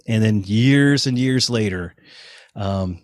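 Storytelling man in his fifties, low voice. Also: takes it slowly, no room sound, clean studio sound. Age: 50s. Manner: animated anecdotes, acts out quoted voices. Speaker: guest musician, touring bassist. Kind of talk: casual interview storytelling.

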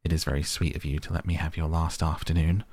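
A man's voice: rumbling low, little pitch movement, fast, a little mellow, dry recording, clean studio sound. A man reading the part of an eager, lovestruck young actress, pleading and breathless.

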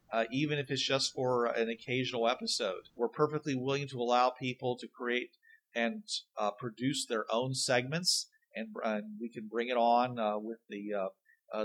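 A man's voice: mid-range voice, fairly bright tone. A man co-hosting a gaming podcast, talking casually with many fillers and restarts. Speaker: podcast co-host.

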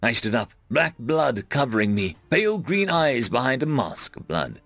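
An expressive male narrator reading a fantasy web serial in first person, his voice rising and dropping dramatically through the action. Mid-range pitch with a lively melody, and faint music running softly underneath. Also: moderate pace, creaky, dry recording. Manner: expressive, dramatic pitch swings, shouted dialogue. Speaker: audiobook narrator.

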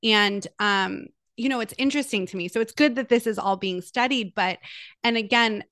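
A woman's voice: fairly high pitch, moderate pace, fairly bright tone, no room sound. A woman co-hosting a podcast who thinks aloud in long rambling turns full of "like" and "right?". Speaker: podcast co-host. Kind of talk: casual podcast chat.

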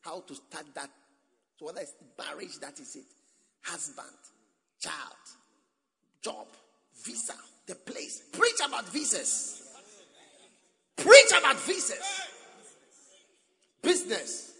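A man preaching a sermon, moving from low murmurs to shouted exhortation. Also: big pitch swings, a little slow, vocal fry, pauses often, in a large hall.

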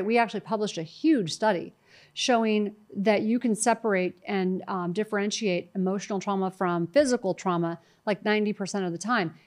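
Chatty middle-aged woman telling stories. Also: medium pitch. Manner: animated storytelling, quotes herself and others. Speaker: guest. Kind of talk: conversational interview.

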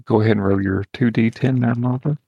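A man chats casually at a tabletop game, relaxed and quick to joke. His voice has a gravelly edge, heard up close in a dry room. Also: mid-range voice, dry recording, dull audio. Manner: relaxed, joking, laughs easily. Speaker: player.

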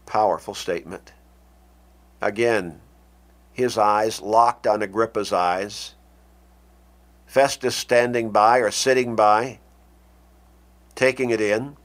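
Guy preaching real slow, deliberate, lots of dramatic pauses. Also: lowish voice, fairly even intonation. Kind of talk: sermon.

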